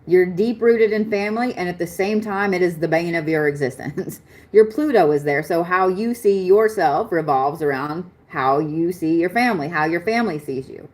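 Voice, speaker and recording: Chatty woman astrologer, low voice, excitable and casual, live-stream reading. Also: normal speed. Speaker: astrology reader.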